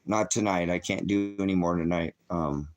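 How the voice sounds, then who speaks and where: A man's voice: sits low, normal speed. A distraught middle-aged man hosting his own channel, talking unscripted as a father and rambling, swearing often as he goes. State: shaken and upset. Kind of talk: emotional unscripted vlog monologue.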